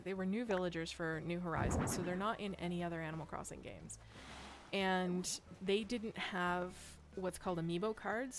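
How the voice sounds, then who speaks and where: A woman's voice: on the low side, a little hiss or hum. A woman streaming a game, chatting casually and rambling, laughing often. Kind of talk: casual chat while playing.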